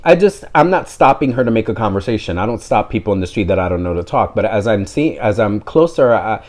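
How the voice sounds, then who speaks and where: A man's voice: on the low side, expressive, quick pace, a little mellow. A man telling a story in a casual vlog, rambling and breaking off into tangents he apologizes for. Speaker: vlogger.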